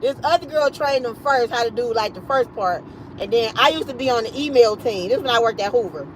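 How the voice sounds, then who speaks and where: A high-pitched woman spins a casual story on her livestream. She swears freely and slips into the voices of the people she quotes, with faint street and car noise behind her. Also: a little fast, poor audio. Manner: animated, profane, acts out quoted voices. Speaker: livestream host.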